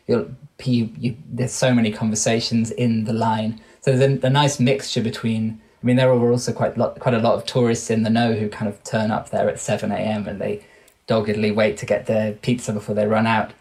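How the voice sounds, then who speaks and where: With a low, slightly mellow voice that barely moves in pitch, this man speaks fairly quickly. He's a Welsh guest researcher in his thirties with an English accent, appearing on an interview podcast, and he keeps correcting and restarting his thoughtful sentences.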